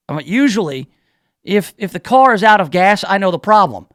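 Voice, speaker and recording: A man's voice: high voice, expressive, normal speed, a bit bright, no room sound, studio quality. A man hosting a talk radio show, telling a rambling, self-deprecating story full of restarts. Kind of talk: casual talk radio monologue.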